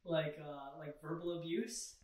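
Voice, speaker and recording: A man's voice: fairly high pitch, measured pace, a little mellow. A man co-hosting a casual podcast, hesitant and giggly, filling his talk with "like" and "uh". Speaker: podcast co-host. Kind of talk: casual chat. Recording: echoey, distant mic.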